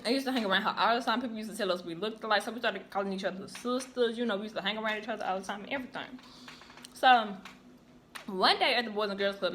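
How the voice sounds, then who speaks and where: Young woman, casual storyteller, lively delivery, faint background noise. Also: medium pitch, quick pace. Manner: chatty, animated, acts out quoted voices. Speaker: YouTuber. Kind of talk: casual storytelling while eating.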